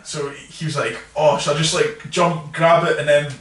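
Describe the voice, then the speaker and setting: A man's voice: on the high side, steady tone, normal speed, fairly bright tone. A young Scottish man chatting casually and telling funny stories, laughing often. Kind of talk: casual chat. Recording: echoey room, picked up from a distance.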